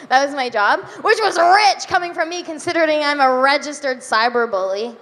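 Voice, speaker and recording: A young woman performing a stand-up comedy set, giggly and self-deprecating, with drawn-out deadpan asides. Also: sits high. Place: comedy club stage before a live audience. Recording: live club recording with reverb, faint room noise.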